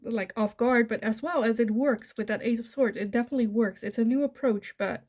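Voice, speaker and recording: A woman with a fairly high voice talks through a pick-a-card tarot reading. She keeps it chatty and giggly, slipping into little voices to act out what people might say. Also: fairly quick, darkish tone. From Netherlands. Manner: chatty, giggly, acts out quoted lines. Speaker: tarot reader.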